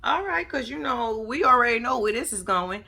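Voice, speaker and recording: A woman giving a profane, sassy, animated recap commentary. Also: a little high, moderate pace, gravelly, breathy edge. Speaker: reality TV recap vlogger. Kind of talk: casual commentary.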